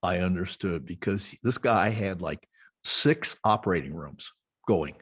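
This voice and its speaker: In a casual conversation, a middle-aged man with a deep, unhurried, slightly breathy voice tells a long personal story. He rambles, restarting often and using many fillers, and comes across as a podcast host or an interviewed guest.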